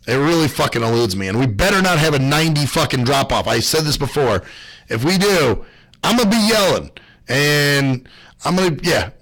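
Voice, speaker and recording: A man hosting his own radio show, talking in a loose, rambling monologue full of swearing and gripes. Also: low-quality recording. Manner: profane, ranting, lively swings in pitch.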